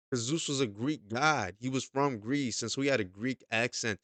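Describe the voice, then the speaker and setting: A man's voice: medium pitch, moderate pace, hardly any pauses, a bit bright, no echo. A man giving a casual, emphatic movie review, often repeating himself and checking in with "okay?". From United States.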